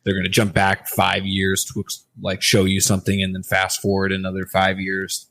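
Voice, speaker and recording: A man's voice: deep voice, monotone, normal speed, gravelly, pushed and bright, slight background noise. A man co-hosting a casual podcast, rambling and swearing as he works through his thoughts. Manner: rambling, profane, hesitant restarts. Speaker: podcast co-host.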